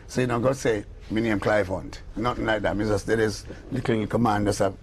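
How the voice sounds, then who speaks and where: With a lowish voice and a slightly fast delivery, an older music producer with a Jamaican accent recounts stories in a relaxed interview over slight background noise. He animatedly shifts into patois and performs the voices of those he quotes.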